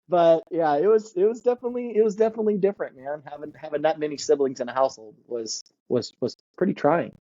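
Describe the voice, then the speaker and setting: A man's voice: fairly high pitch, a little fast, dark tone, highs cut off. A man in his thirties, a guest telling stories from his childhood in a casual way and laughing often. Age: 30s. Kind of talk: casual storytelling.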